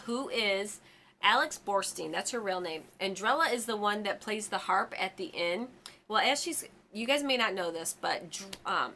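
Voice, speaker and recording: A woman's voice: mid-range voice, pushed and bright, a little hiss or hum. A woman in her forties hosting a fan channel, chatting casually and rambling about a TV episode with lots of ums and side stories. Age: 40s.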